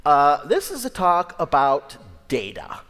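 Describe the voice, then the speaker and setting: A man's voice: a little high, very animated, measured pace, fairly bright tone. A man giving a tech conference talk, upbeat and joking, with frequent ums. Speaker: conference speaker. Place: large conference hall. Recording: hall reverb.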